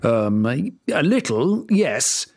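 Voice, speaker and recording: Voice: mid-range voice, huge pitch swings, slow, voice pushed up, full character voice. A storybook reader voicing a nervous fairy-tale king who stammers and fumbles his words. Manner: stammering, flustered.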